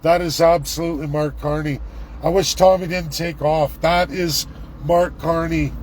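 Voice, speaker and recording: Excited middle-aged man ranting. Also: fairly high pitch, normal speed, a little hiss or hum, poor audio. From Canada. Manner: excited, ranting, repeats exclamations. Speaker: vlogger. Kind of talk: live street vlog commentary. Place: outdoors on a city street. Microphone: handheld phone camera.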